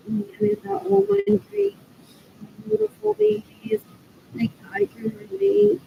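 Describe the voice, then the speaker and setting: A woman's voice: extremely high pitch, animated, creaky, mellow, a little hiss or hum, low-quality recording. A woman vlogging in a rambling, distracted monologue, trailing off mid-sentence and repeating the same muttered phrase. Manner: drifting, halting speech with trailing half-sentences. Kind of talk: rambling unscripted monologue to camera.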